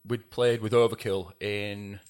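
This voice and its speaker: A middle-aged man, a drummer guesting on a podcast, telling animated stories, swearing casually and laughing mid-sentence. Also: lowish voice, a little slow. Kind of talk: casual interview storytelling.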